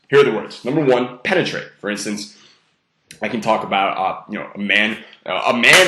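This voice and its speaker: Blunt, profane man with low voice. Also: bright, forceful tone, roomy sound. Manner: blunt, profane and self-amused; stresses key words heavily. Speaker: dating advice coach. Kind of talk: casual instructional monologue.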